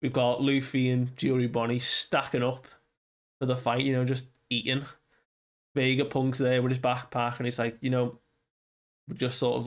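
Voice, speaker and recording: Rambling man recapping a comic chapter. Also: mid-range voice. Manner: rambling, loosely quotes characters with fillers like "you know". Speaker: manga reviewer. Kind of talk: casual recap commentary.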